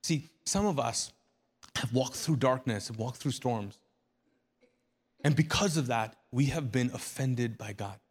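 A man's voice: medium pitch, unhurried, long pauses, breathy edge. A man preaching a sermon as a pastor, speaking earnestly and conversationally, often repeating and restarting phrases.

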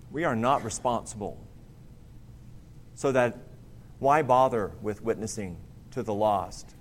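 A man delivers a sermon in an earnest, emphatic manner, with a voice of ordinary middle pitch. He often pauses and restarts, leaning hard on key words. A faint hiss sits under the recording. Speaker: preacher.

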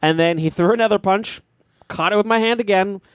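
A man's voice: high-pitched, fairly quick, smooth, no room sound, clean studio sound. A man from Massachusetts, telling a rambling, profane school story on a podcast and acting out the quotes. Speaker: podcast co-host. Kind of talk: casual storytelling chat.

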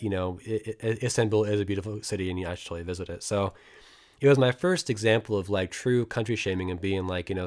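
A young American man casually telling a travel story, rambling and swearing, with many restarts and acted-out quotes. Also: fairly low pitch. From United States. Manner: rambling, profane, animated retelling with many restarts.

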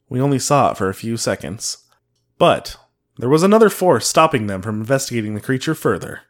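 A man hosting a podcast who reads case notes aloud in casual chat, laughing and joking between lines. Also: medium pitch. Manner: laughs while reading, jokey asides. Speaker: podcast host reading the case.

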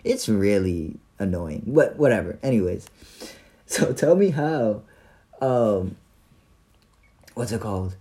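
Dark-voiced young man telling a story. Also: on the low side, slow, long pauses. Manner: animated, profane, slangy retelling with many fillers. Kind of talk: casual storytelling.

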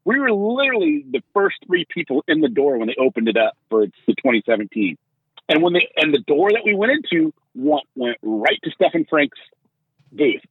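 Animated man on a tinny phone-like line. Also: on the high side, fairly quick, husky, no echo. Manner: animated storytelling, teasing. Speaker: podcast host. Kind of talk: casual chat.

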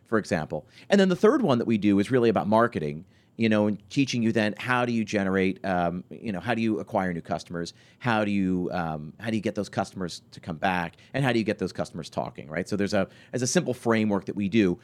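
A man's voice: on the low side, quick pace. A man in his forties, a podcast host and restaurant consultant, telling stories in a conversational interview with lots of restarts and fillers. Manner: animated storytelling, many restarts and fillers.

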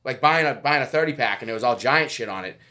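A man's voice: medium pitch, animated, fast talker, pushed and bright. A man from New England rambling in casual, profane banter with friends, laughing and poking fun at himself. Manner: rambling, profane, laughs often, self-mocking.

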